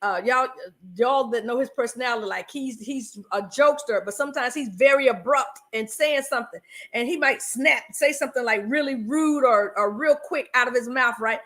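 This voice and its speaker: This is a woman with a Southern US accent, from North Carolina, co-hosting a marriage talk stream. She is chatty and laughs easily, her voice sitting high, and she keeps calling the audience y'all. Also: normal speed, fairly bright tone. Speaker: co-host of a marriage talk show. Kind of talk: casual livestream chat.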